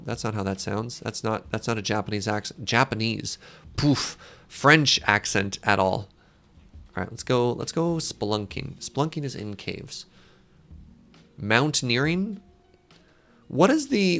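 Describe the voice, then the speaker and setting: Gravelly-voiced man streaming with chat. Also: on the low side, fairly bright tone. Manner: joking, self-deprecating, chats with viewers. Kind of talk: casual live-stream chat while gaming.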